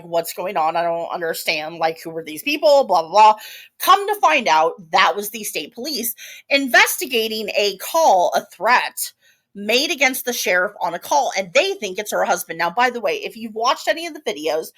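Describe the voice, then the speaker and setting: A woman's voice: on the high side, a bit bright. A woman co-hosting a podcast, telling a story in casual chat with many asides and restarts. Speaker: podcast co-host.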